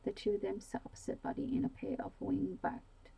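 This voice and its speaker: A woman's voice: fairly quick, creaky, breathy edge, dull audio. Whispering woman reading a bedtime story. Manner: soft, slipping between whisper and low voice.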